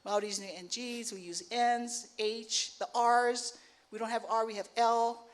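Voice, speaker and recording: Middle-aged woman from Hawaii, panel speaker, relaxed, with lots of ums and you-knows. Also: fairly high pitch, measured pace. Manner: relaxed, thinking aloud with many fillers. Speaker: artist and professor, panel speaker. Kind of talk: panel conversation.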